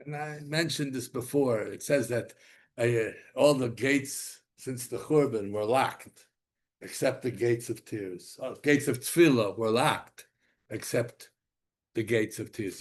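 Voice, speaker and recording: An older man, a rabbi, giving an animated Torah lecture with emphatic repeats and restarts. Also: fairly low pitch, slow.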